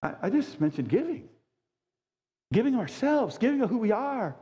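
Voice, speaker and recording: A man in his sixties preaching a sermon as a pastor, high-energy and emphatic with folksy asides. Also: very animated, moderate pace, mellow. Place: church sanctuary. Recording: long church reverb.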